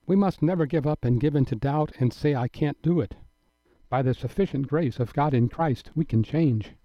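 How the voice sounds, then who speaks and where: Guy teaching the bible on the radio, steady earnest delivery, dry dull lo-fi audio. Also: on the high side, dry recording. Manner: measured, earnest, emphatic.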